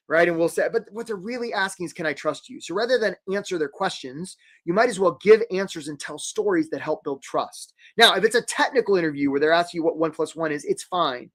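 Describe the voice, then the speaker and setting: Animated high-voiced man coaching a webinar. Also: a little fast, few pauses. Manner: animated, acts out little quoted voices, jokey. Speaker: career coach hosting a live webinar. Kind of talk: energetic live webinar talk.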